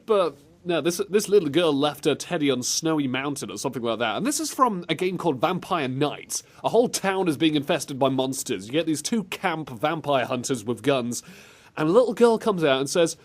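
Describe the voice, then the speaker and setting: A man's voice: fairly high pitch, sing-song, brisk. A man hosting a comedic chat, joking and laughing often as he reacts to clips. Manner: jokey, laughs often, slips into silly voices. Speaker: show host.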